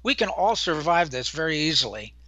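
Older man, bright earnest co-host talk. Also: fairly high pitch, very animated, dry recording. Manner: earnest, measured, telling anecdotes. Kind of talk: casual chat.

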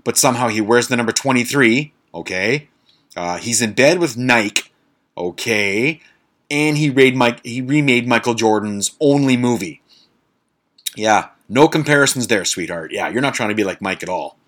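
A man's voice: medium pitch, normal speed, a bit bright. A man hosting a casual monologue podcast, blunt and sarcastic, swearing freely and stumbling over fancy words. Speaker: podcast host.

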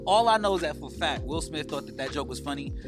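A high-pitched man hosts a podcast and launches into a profane, animated comedic rant. Music plays clearly underneath his voice. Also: quick pace. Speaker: podcast host.

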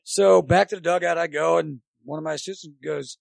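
A gravelly, slightly high-voiced older man tells long, animated stories in a casual chat. His voice sounds dry and close, with no room around it, as he acts out both sides of each exchange. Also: fairly quick, no room sound. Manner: animated anecdote teller, acts out quotes. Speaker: podcast guest, former college baseball coach.

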